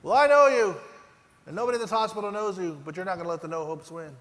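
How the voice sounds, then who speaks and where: A man playing his old football coach, a loud and persistent man who keeps pressing the same question. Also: very fast. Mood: insistent. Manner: booming, insistent. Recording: echoey hall, faint ambience.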